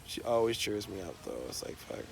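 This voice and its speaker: A man's voice: lowish voice, sing-song, brisk, gravelly, a little hiss or hum. A man talking off the cuff in a rambling, profanity-laced stream of talk. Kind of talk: unscripted monologue to camera.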